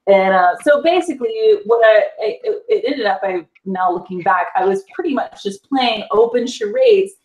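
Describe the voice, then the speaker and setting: A woman from the South, a guest telling an animated story in a casual chat and laughing often. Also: fairly high pitch, normal speed, few pauses. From US South, Panhandle area. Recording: echoey room.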